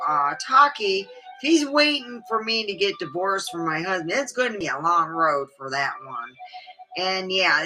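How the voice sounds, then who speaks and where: Middle-aged woman host for a loose, meandering livestream chat; low-pitched, bright tone. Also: low-quality recording. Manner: meandering, chatty, frequent fillers. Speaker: vlogger. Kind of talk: rambling casual livestream chat. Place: home studio. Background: faint background music.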